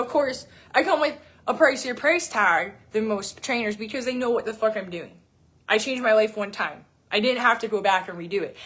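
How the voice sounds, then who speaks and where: A woman fitness coach in her thirties, with a fairly high, bright voice, rants bluntly and unscripted to camera. She swears often and repeats words for emphasis.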